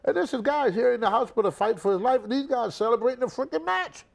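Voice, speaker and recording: A man's voice: extremely high pitch, quick pace, vocal fry. An older man, a retired wrestler recounting a story in a shoot interview, repeating words and acting out the people in it. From United States. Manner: animated storyteller, repeats words, acts out others.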